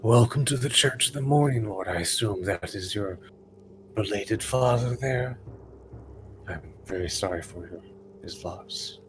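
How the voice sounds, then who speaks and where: A man voicing a weary grieving priest who speaks softly and solemnly. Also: lowish voice, measured pace, background noise, lightly acted. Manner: tired, soft, solemn. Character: weary grieving middle-aged male priest.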